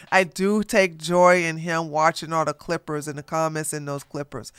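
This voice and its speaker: Slow, blunt drama commentator. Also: medium pitch, sharp tone, smooth, no room sound, studio quality. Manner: blunt, repetitive ranting. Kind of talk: reaction commentary.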